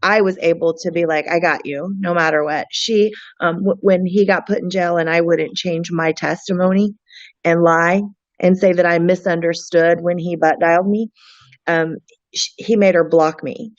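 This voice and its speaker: A woman speaking earnestly in an interview, with frequent restarts and a halting delivery. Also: lowish voice, fairly even intonation, no echo, lo-fi sound. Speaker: guest, friend of a missing woman. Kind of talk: emotional interview talk.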